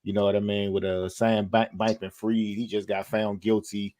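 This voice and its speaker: A man's voice: on the low side, flat delivery, a little mellow, no echo. Laid-back man with a dry, close sound. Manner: laid-back, halting, many fillers. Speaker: podcast co-host. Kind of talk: casual chat.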